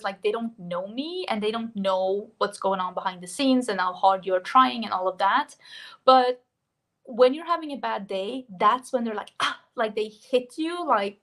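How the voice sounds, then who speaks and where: A woman's voice: a little high, fairly bright tone. Chatty Swedish-accented woman vlogger. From Sweden. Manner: chatty, laughs often, reads out viewer comments. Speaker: beauty vlogger hosting a livestream. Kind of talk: casual livestream chat.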